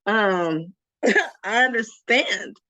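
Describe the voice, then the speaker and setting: A woman's voice: medium pitch, very slow, pushed and bright, dry recording, low-quality recording. A woman guest in a casual gossip chat, brash, laughing often and swearing freely. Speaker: guest co-host.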